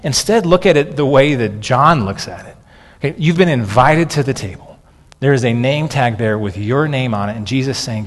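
Male pastor, sermon, thirties, chatty with restarts, mid pitch, long hall echo. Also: expressive, fairly quick. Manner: conversational, frequent "okay" and restarts.

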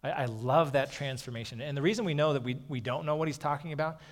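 A man preaching a sermon in a relaxed, conversational way, often pausing to say "okay". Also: on the high side, long reverb tail. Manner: conversational, frequently saying "okay". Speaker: pastor.

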